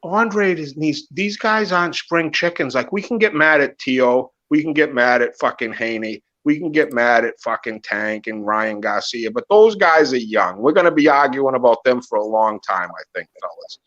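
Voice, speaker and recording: On muffled, lo-fi audio, a man with a mid-range voice talks at normal speed with few pauses. Chatting casually on a podcast, he rambles, swears freely, and stays animated.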